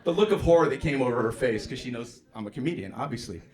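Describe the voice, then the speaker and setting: A male stand-up comedian doing a profane, brash set on stage, jumping into loud mocking voices for punchlines. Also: medium pitch, lively intonation, quick pace. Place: comedy club stage with live audience. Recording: live club recording with audience noise.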